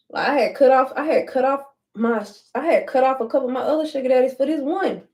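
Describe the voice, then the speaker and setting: A young adult woman tells an animated, profane storytime while she gets ready. Her voice sits on the higher side, and she is blunt and unfiltered. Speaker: vlogger. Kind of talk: casual storytime while doing hair.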